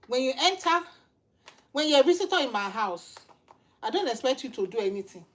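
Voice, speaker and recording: A woman with a Nigerian accent delivers an informal sermon with a high voice. She is middle-aged, emphatic and animated, hammering her points with repeated rhetorical questions. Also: brisk. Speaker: channel host and lay preacher. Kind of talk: informal preaching to camera.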